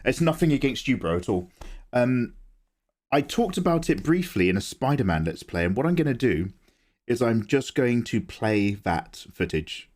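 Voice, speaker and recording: A man's voice: medium pitch, big pitch swings, normal speed, darkish tone. A young man streaming live, chatting and joking in a rambling way from his home setup. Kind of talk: casual live-stream chat.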